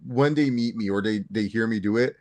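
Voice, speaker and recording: A man's voice: fairly low pitch, fairly quick, a little mellow. A man co-hosting a sports podcast, chatting casually, rambling and repeating words and laughing at himself. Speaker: podcast co-host. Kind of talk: casual chat.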